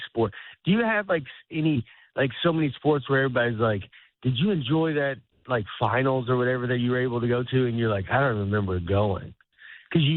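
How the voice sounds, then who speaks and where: A man, a comedian guest, chats loosely in an interview, stopping and restarting his thoughts and laughing easily. The sound is thin and phone-like, with no room around it. His pitch sits in the middle range. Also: dry recording. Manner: rambling, self-interrupting, laughs often. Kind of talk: casual interview chat. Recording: tinny phone-like line.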